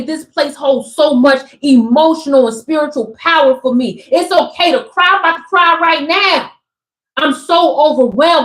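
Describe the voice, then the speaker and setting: A young woman giving a casual, emphatic spiritual pep talk to her viewers, repeating her points like a preacher. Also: high-pitched. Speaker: spiritual content creator. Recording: echoey room.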